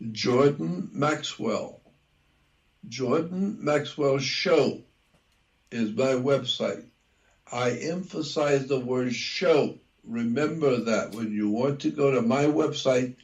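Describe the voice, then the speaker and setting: An older American man talking slowly in a casual conversation, repeating himself and spelling words out. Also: medium pitch, vocal fry, darkish tone, low-quality recording. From United States. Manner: slow and repetitive, spells words out. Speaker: talk show guest. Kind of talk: casual radio-style conversation.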